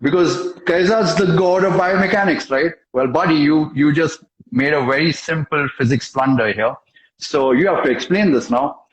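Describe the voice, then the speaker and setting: A man's voice: a little high, normal speed, lo-fi sound. A young man, a guest in an interview, telling a story with emphasis and acting out the dialogue in it. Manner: animated, emphatic storyteller who acts out dialogue and tags lines with "okay?". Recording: echoey room.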